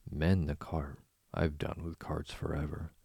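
A man's voice: very deep voice, little pitch movement, measured pace, vocal fry, dark tone, breathy edge, dry recording, heavily acted. A man voicing a boastful, giddy male toad who murmurs in a dreamy, rapturous way.

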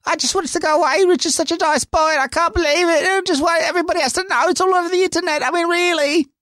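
A man's voice: rapid-fire, sharp tone, no echo, clean studio sound. A man putting on a whiny upset mother. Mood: whining. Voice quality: high whiny falsetto. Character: upset whiny mother, middle-aged woman.

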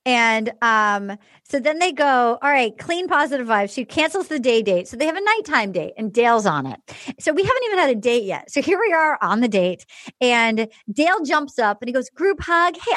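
High voiced woman podcast host, dry mic, animated gossipy storytelling. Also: normal speed, no echo. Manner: animated storyteller who acts out quotes. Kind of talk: casual chat recapping a reality show.

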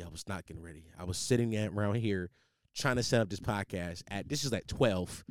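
A man's voice: fairly low pitch, quick pace, clean tone, dry recording. A tired young man hosting a casual, profane podcast monologue from a home setup on a studio mic. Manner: animated, profane, rambling with restarts. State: tired, sleepless. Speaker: podcast host. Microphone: studio microphone.

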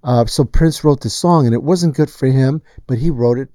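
A man's voice: medium pitch, moderate pace, no echo. A man who produces music, telling a studio story in casual chat and acting out the lines he quotes. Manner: animated storyteller, acts out quotes.

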